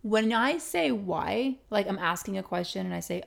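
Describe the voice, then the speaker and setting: A young woman co-hosting a podcast in easy, casual chat, with a gravelly, creaky texture. She tells stories with quick asides at a middle pitch. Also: lively intonation. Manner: chatty, storytelling, quick asides. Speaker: podcast co-host.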